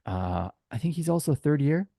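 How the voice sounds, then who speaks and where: A man's voice: on the high side, big pitch swings, moderate pace, vocal fry, mellow, no room sound, clean studio sound. A man with a Canadian accent co-hosting a podcast, chatty and joking, with firm opinions. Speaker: podcast co-host. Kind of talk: casual podcast chat.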